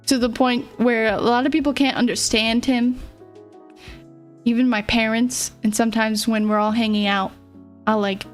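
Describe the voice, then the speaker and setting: A young woman streamer chatting casually, rambling and giggling, who mumbles a little. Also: on the high side. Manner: rambling, giggly, self-deprecating. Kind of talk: casual livestream chat. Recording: faint music behind.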